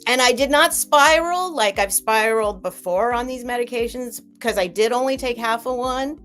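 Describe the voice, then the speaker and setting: A woman's voice: fairly high pitch, normal speed, a bit bright, soft background music. A middle-aged woman on a live stream, chatting candidly with viewers and answering their comments by name in a rambling, confiding way. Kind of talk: casual chat with live chat viewers.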